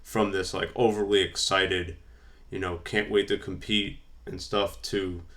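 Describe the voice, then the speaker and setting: A man with a low, deep voice talks casually and rambles as he works through his notes. His speech is loose and full of fillers and restarts. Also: level tone, measured pace, fairly bright tone. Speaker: wrestling vlogger. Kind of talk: casual fantasy-booking commentary.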